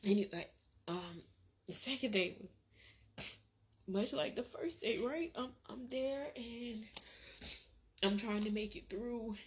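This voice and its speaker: A grieving woman talks in a personal vlog, halting and repeating herself, her voice tearful. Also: on the high side, breathy edge. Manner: halting, repeats words, many fillers. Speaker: vlogger.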